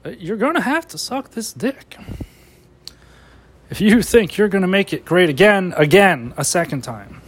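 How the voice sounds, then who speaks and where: A man doing an impression of an older male politician, speaking quietly with a hesitant drawl. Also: high voice, lively intonation, normal speed, a little hiss or hum. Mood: taunting.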